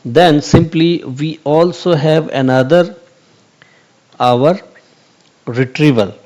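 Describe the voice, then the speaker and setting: A man's voice: a little high, slow pace, a little mellow. Hesitant man explaining at a whiteboard. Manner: hesitant, many fillers and restarts, repeats "okay". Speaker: channel host explaining AI concepts. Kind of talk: whiteboard tutorial, unscripted.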